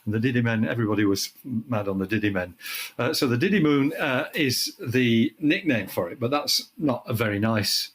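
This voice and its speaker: An older man from the UK, with a frog in his throat, explaining space science in casual chat and clearing his throat often. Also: mid-range voice, animated, moderate pace. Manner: thoughtful, restarts phrases, clears throat often. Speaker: astronomy guest expert.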